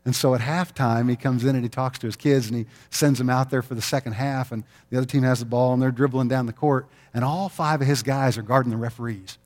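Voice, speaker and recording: A middle-aged man preaching a sermon, telling stories in an animated way and acting out the quotes with laughter. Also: medium pitch, fast, few pauses. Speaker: pastor.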